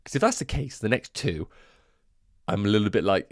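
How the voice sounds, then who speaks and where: A man's voice: on the low side, sing-song, fairly quick, darkish tone, no room sound, studio quality. A man with a congested nose, chatting casually to viewers on a livestream, thinking aloud as he goes. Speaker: fantasy football streamer. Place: home room.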